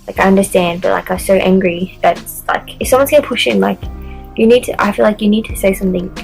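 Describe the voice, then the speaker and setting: A woman's voice: medium pitch, steady tone, fast, vocal fry, faint music behind, low-quality recording. A young woman casually telling a story-time vlog, chatty and swearing a lot as she acts out what people said. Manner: chatty, swears often, reenacts dialogue. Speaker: vlogger.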